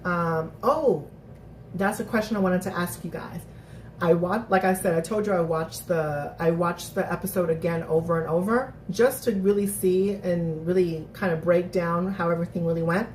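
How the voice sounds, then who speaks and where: A woman hosting a live recap stream, chatting casually to her viewers, animated and thinking out loud with lots of restarts. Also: fairly low pitch, moderate pace, slight background noise. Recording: roomy, distant mic.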